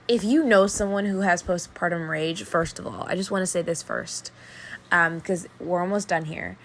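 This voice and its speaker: A woman's voice: fairly low pitch, slight background noise. A young woman hosting her own podcast, speaking earnestly and emphatically about her own life, often repeating phrases for weight. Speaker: podcast host. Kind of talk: personal solo podcast talk.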